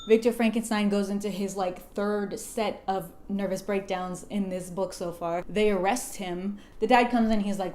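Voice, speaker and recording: A young woman retelling a gothic novel as a comedy, in a profane, slangy, deadpan way. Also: medium pitch, a little hiss or hum. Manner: profane, slangy, deadpan storytelling with quick paraphrased quotes. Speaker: video host retelling a novel. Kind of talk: irreverent comedic book summary.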